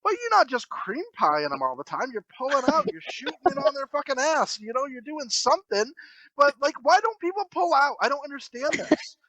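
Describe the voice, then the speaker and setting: A young man co-hosting a podcast, telling crude stories loudly and laughing often. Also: very high voice, a little fast, dry recording, rough recording. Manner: loud, animated storytelling with frequent laughter. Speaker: podcast co-host. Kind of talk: crude casual podcast banter.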